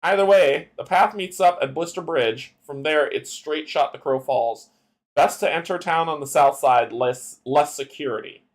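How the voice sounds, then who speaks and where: Guy reading a tavern lady giving directions, slightly higher voice, card game adventure. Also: normal speed, close to an everyday voice. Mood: advising. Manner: reads card dialogue aloud plainly. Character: helpful tavern woman giving travel advice.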